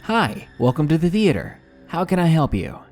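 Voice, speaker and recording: A man voicing a polite teenage girl selling cinema tickets, with forced customer-service cheer, a little higher than his own voice. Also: huge pitch swings, normal speed, darkish tone, faint music behind. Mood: chirpy polite.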